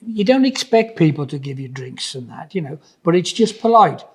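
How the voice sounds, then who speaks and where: Man, husky, slightly high, rambling casual chat. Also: big pitch swings, moderate pace, darkish tone. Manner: rambling, hesitant, lots of fillers and restarts. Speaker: podcast co-host, tradesman.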